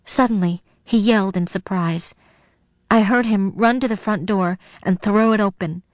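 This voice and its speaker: A woman's voice: medium pitch, normal speed, no echo. Brief: woman audiobook narrator, tense first-person storytelling, dry close sound.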